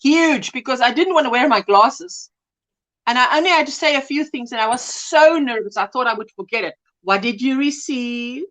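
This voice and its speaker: A woman's voice: sits high, moderate pace, fairly bright tone. A woman hosting a casual crafting livestream, chatting and greeting viewers by name as she reads their comments aloud. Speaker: livestream host.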